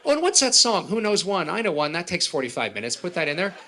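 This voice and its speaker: A man doing stand-up comedy at a live event, quizzing the audience with rapid, animated delivery. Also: high voice.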